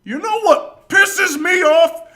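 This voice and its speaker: A man putting on the voice of a furious male football coach who rants and yells at his players. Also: very high voice, slow pace, pitched above the performer's own voice, full character voice. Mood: furious yelling. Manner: shouting, ranting.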